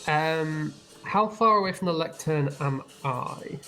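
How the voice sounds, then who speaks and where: A man's voice: fairly high pitch, takes it slowly, bright, forceful tone, faint music behind. A man playing a tabletop game who describes his turn in a casual, light way. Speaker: player.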